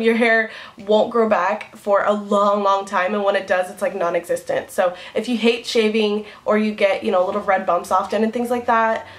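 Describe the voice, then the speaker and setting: A young woman vlogging to camera in a casual, rambling way, giggling often. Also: mid-range voice. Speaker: beauty vlogger.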